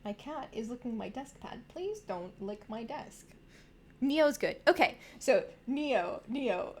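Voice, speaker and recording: Chatty, animated woman streaming a game, a bit high and very expressive, faint room hum. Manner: chatty, animated, quick to laugh. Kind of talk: casual game playthrough commentary and reading.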